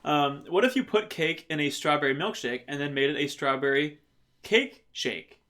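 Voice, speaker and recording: Bright, giggly streamer guy. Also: fairly high pitch, brisk. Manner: playful, giggly, chatty. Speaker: livestream host. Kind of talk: casual chat reading viewer comments.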